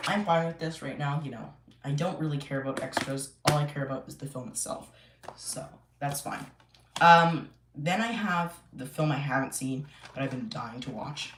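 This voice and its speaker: A man chatting casually on a live stream from home, rambling with many fillers and restarts. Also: mid-range voice. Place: home room. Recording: echoey room, faint noise.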